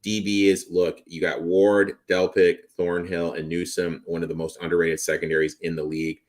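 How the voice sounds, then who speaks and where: A man's voice: sits low, flat delivery, moderate pace. A man co-hosting a sports betting show, confidently breaking down football teams and wagers in casual chat. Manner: confident, rattles off player names.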